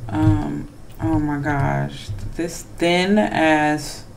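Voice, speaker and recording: A gamer narrates a scary game in a chatty, slightly nervous let's play commentary and keeps talking back to the characters on screen. The delivery is unhurried, and hushed asides sit between louder moments. Faint noise and soft keyboard typing run underneath. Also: medium pitch, steady tone, vocal fry. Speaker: gamer playing horror games.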